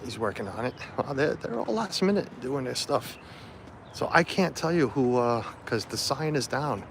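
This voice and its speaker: In a casual phone livestream, a man walks around an outdoor festival, holding the camera as he goes and rambling with lots of fillers. He's a vlogger with a mid-range voice, and there's slight background noise.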